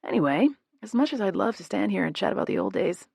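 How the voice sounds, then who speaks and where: A woman reading the part of a smug, teasing young man in a romance audiobook, with a smirking, low-key delivery. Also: lively intonation, quick pace, creaky, a little mellow, husky, no echo, studio quality, heavily acted.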